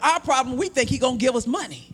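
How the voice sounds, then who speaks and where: High, bright-voiced shouting preacher. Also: male voice, expressive. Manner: shouting, drawn-out emphatic preaching with acted-out voices. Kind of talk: sermon.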